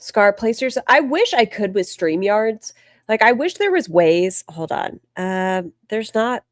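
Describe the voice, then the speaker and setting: A woman's voice: medium pitch, very animated, a little slow, dry recording, studio quality. A woman streamer giving casual live commentary on a video, with blunt, sarcastic asides.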